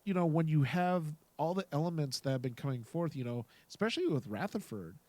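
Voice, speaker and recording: A man co-hosting a casual podcast discussion who talks in an animated way, laughs often and echoes his co-host's words. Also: a little high, a little fast. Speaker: podcast co-host.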